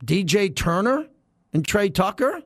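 Sports radio host, man, middle-aged, brash and fired up, high voice, dry close mic. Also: very animated, a little slow, fairly bright tone, dry recording. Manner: brash, heated, rhetorical questions. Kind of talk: sports talk radio monologue.

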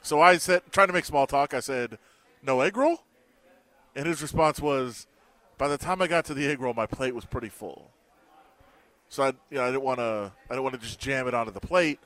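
A man co-hosting a sports radio show tells stories in casual chat, acting out the lines of the people he quotes. His mid-range voice runs a little fast. He's an animated storyteller who performs the quoted dialogue.

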